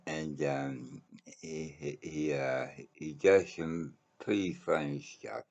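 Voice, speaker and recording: On his own channel, a man with a bass voice and vocal fry tells a casual personal anecdote. He rambles haltingly, with plenty of fillers and the occasional swear word.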